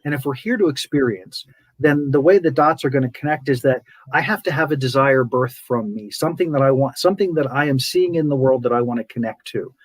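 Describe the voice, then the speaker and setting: A man's voice: medium pitch, fairly quick, no room sound, low-quality recording. A man hosting a podcast, talking casually and animatedly, acting out his inner voice and repeating words for emphasis. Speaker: podcast host. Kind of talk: casual spiritual talk.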